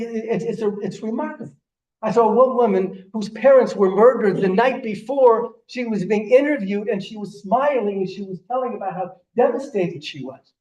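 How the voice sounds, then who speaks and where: An older man preaches as a rabbi in a synagogue sanctuary, his high-pitched voice mellow as he earnestly relates stories, restarting his phrasing repeatedly. The room echoes, and he's recorded from some distance away.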